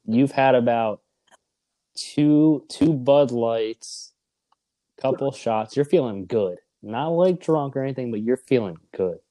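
A man's voice: medium pitch, takes it slowly, dark tone. A man co-hosting a casual podcast chat, teasing as he sets up scenarios and leads the questions. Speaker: podcast co-host.

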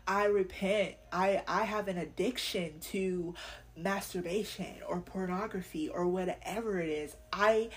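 A woman's voice: lowish voice, a little slow. A young woman hosting a faith podcast, talking candidly and earnestly in casual slang, sometimes laughing. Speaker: podcast host.

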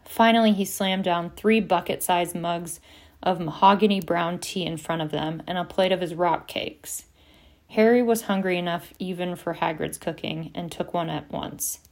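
A woman narrating an audiobook at a steady pace and doing voices for the characters. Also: on the low side, normal speed. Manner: steady storytelling, reads several voices. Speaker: audiobook reader.

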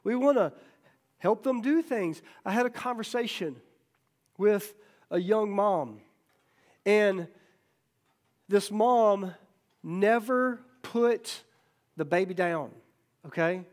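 High-voiced folksy man preaching. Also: slow pace, long pauses. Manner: folksy, joking, asks "okay?" and "right?" often; acts out quoted voices in stories. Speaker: pastor. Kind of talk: sermon.

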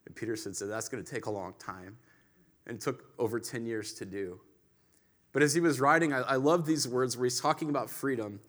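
A male pastor delivering a sermon in a conversational, storytelling way, with emphatic swells and quiet drops. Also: medium pitch, a little fast.

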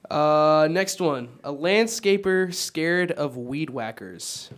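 A man's voice: on the high side, lively intonation, slow, a bit bright. A young man hosting a casual student podcast, upbeat and playful, often laughing. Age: young adult. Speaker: podcast host.

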